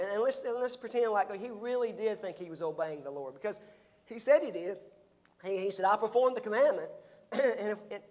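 A male pastor preaching a sermon, reading scripture aloud and explaining it in a conversational way. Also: high-pitched.

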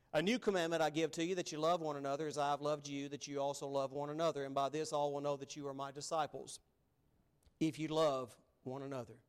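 Emphatic preacher, fairly high voice. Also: male voice, clear, resonant tone. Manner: emphatic, swings between loud and hushed. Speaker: pastor. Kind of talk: sermon. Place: church sanctuary.

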